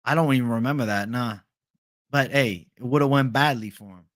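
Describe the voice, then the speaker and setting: A man's voice: medium pitch, normal speed, fairly bright tone, no room sound, studio quality. Laid-back, swearing man reading chat. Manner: casual, profane, laid-back bro talk. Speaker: livestream host. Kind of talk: casual livestream chat, reading viewer questions.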